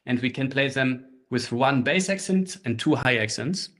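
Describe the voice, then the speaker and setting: A man teaching a live online handpan workshop through a laptop microphone, explaining rhythms in a relaxed way and speaking rhythm syllables while he plays. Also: medium pitch, normal speed. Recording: laptop mic with handpan music. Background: handpan playing.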